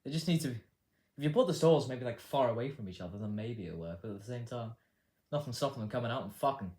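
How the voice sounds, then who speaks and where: A man's voice: medium pitch, animated, fast talker, a little mellow. A man hosting a casual news commentary show, rambling and swearing with a sarcastic edge. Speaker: host.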